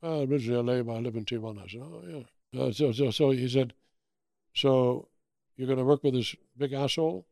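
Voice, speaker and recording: Older German-accented man, fry-edged voice, animated anecdotal interview guest. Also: medium pitch, quick pace, dry recording, clean studio sound. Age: 80s. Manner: animated anecdotes with acted-out quotes. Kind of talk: storytelling interview.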